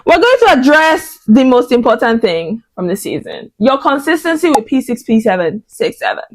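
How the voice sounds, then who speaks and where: A young woman vlogging in a casual chat, expressive and dramatic, with lots of fillers and exclamations. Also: on the high side, moderate pace.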